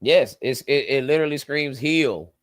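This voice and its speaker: A man's voice: mid-range voice, normal speed, no echo. A man co-hosting a podcast, chatting emphatically and agreeing readily. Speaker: podcast co-host. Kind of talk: casual chat.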